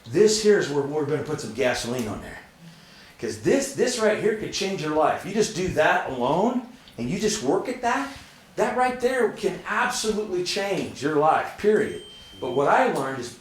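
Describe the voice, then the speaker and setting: A man's voice: on the high side, distant mic, slight background noise. A middle-aged man giving an earnest, conversational motivational talk to an audience, laughing often. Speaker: motivational speaker. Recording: echoey room, speaker away from the mic.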